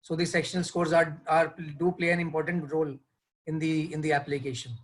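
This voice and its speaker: A man speaks as a counselor in an online webinar. His voice is slightly high and stays level, and he often pauses on fillers as he answers. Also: little pitch movement. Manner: hesitant, many uh fillers. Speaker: admissions counselor. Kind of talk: webinar discussion.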